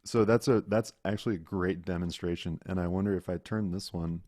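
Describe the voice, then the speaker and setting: A man's voice: low voice, fairly even intonation, a little fast, dark tone, no echo, studio quality. A man teaching an online class about microphones, explaining patiently and showing how mic distance changes the sound. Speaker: audio instructor. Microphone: microphone close up, video call.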